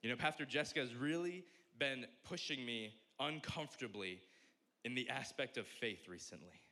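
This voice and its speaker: A young man preaching a sermon as a pastor, telling stories in an animated way and acting out the voices. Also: mid-range voice, normal speed. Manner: animated storytelling, acts out voices.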